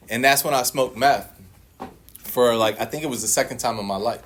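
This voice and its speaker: A man's voice: mid-range voice, a little fast, slight background noise. Profane, joking man telling his recovery story. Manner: profane, joking storyteller who acts out his own past lines; laughs often and shifts into a lively voice when quoting himself. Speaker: recovery meeting speaker. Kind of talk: personal recovery testimony.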